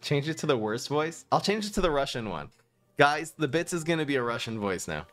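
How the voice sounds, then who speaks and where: Excitable male game streamer, lively pitch. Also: a little fast, soft background music. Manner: excitable, laughs often, talks to chat. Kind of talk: live-stream gameplay commentary.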